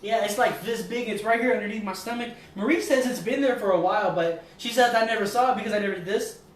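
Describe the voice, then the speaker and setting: A man's voice: high-pitched, fast talker. A man co-hosting a podcast in casual, joking, laid-back chat. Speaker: podcast co-host. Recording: echoey room, distant mic, faint noise.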